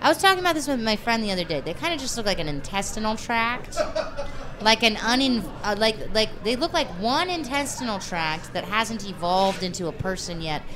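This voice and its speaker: A young woman on a casual podcast panel, talking excitedly and rambling. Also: mid-range voice, brisk, background noise.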